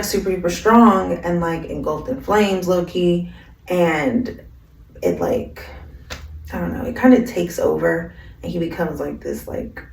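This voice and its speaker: Woman, anime recapper, chatty and slangy, gravelly voice, roomy distant mic. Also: medium pitch, a little mellow. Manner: slangy, rambling, full of "like" fillers.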